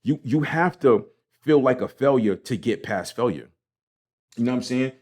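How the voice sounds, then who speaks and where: A man with a medium-pitched, slightly mellow voice speaks expressively at a moderate pace, hosting his own podcast. In a casual motivational monologue, he talks passionately about failure, swearing often and repeating himself.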